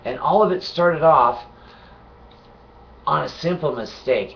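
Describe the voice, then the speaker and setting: A sick, nauseated man in an angry, profane vlog rant, swinging from low muttering to shouting. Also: takes it slowly, vocal fry, pauses often, distant mic, muffled recording, a little hiss or hum. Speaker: vlogger.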